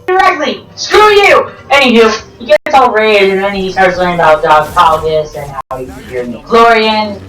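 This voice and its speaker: A woman giving rambling, jokey game commentary, full of excitable outbursts and self-corrections. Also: medium pitch, moderate pace, few pauses. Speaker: gameplay commentator. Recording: roomy, distant mic with game music.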